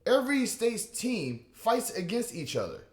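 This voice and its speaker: Man, stand-up rant, rambling and animated, a bit higher voice, echoey room. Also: unhurried. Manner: rambling and animated, many restarts and asides. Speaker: comedian.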